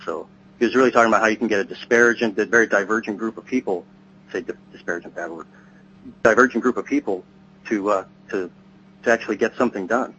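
This co-host's voice sits on the low side, quick and bright with a forceful edge, as he chats loosely and spins rambling stories on the podcast. Faint hum runs through the dull, lo-fi audio.

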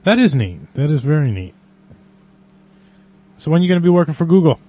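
A man's voice: fairly high pitch, big pitch swings, fairly quick, warm tone. A man hosting a podcast, casually asking a co-host questions. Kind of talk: casual chat.

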